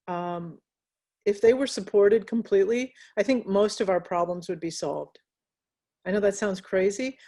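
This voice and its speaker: A woman's voice: mid-range voice, mellow. Reflective American woman in an interview. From United States. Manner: reflective, pausing with fillers and restarts. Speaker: interviewee, graphic novelist. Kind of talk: casual interview conversation.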